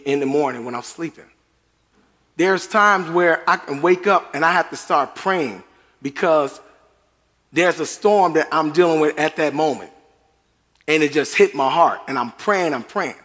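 Slightly bright and fairly high, this middle-aged man's voice fills a church sanctuary as he gives a sermon. As a pastor addressing his congregation, he keeps things chatty, with chuckles and asides, and a long hall reverb trails his words.

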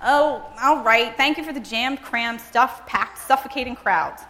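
A woman playing an anxious younger sister, higher-pitched than the reader's own voice, exclaiming and wailing in grudging complaint. A long hall reverb trails each line. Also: measured pace, a bit bright, a little hiss or hum. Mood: fretful. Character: anxious, reluctant younger sister in a prison camp.

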